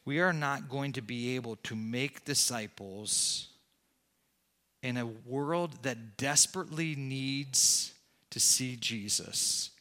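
A man preaching a sermon with passion, rising loud and excited, then dropping to hushed, near-whispered lines. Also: medium pitch, slow. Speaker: pastor.

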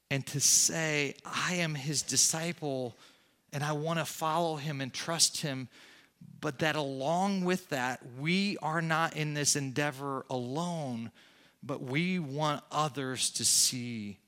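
A man preaching a sermon with passion, rising loud and excited, then dropping to hushed, near-whispered lines. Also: a little high. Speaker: pastor.

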